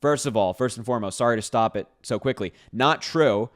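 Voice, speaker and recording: A man's voice: medium pitch, brisk. Sarcastic man doing video commentary. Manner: sarcastic, incredulous, reacting to posts; laughs between points. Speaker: political commentator.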